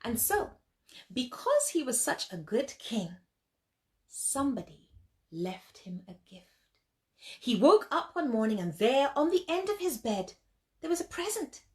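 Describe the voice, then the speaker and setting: Her voice is on the high side as this storyteller brings a children's tale to life, animated and expressive, often turning to speak straight to her audience.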